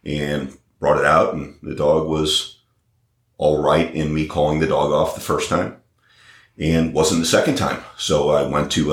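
A man working as a dog trainer, talking through his experience in an interview. He pauses often and fills gaps with "uh" and restarts. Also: extremely low pitch. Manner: hesitant, many fillers and restarts. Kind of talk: conversational interview. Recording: roomy echo.

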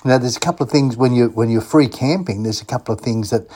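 Husky Australian man plugging sponsors. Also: medium pitch, quick pace, warm tone. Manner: chatty, spells out web addresses. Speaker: radio host. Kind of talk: casual chat with sponsor plugs.

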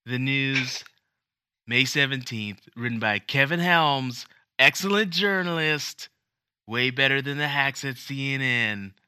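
A man doing an impression of a brash, boastful male politician, with bragging, drawn-out emphatic phrasing. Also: medium pitch, animated, sharp tone, clean tone, no echo, studio quality, pitched above the performer's own voice.

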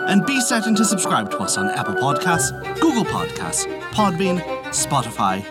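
A man narrating a folk tale as the storyteller and host of a podcast, in a lively, expressive way. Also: mid-range voice.

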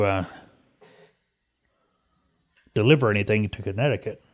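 A man's voice: mid-range voice, a little fast. A man hosting a podcast, giving casual, folksy commentary. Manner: folksy, chatty. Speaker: podcast host.

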